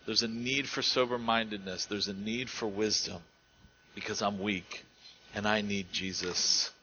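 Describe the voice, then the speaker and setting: Earnest bright-toned male preacher. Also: on the low side, fairly even intonation, measured pace, muffled recording, slight background noise. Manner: earnest, rises to emphatic and drops to quiet. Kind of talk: sermon.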